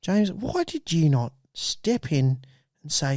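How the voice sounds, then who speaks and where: A man's voice: a little high, wildly swooping pitch, takes it slowly, a little mellow, dry recording, clean studio sound. A man co-hosting a podcast, rambling and stammering through an improvised mock news skit with put-on emotion. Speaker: podcast co-host.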